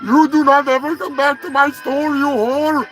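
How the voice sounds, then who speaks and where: A man's voice: little pitch movement, normal speed, a bit bright, soft background music. A man doing a furious shop owner. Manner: screaming, high-pitched, clipped. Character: furious male shop owner yelling at a thief.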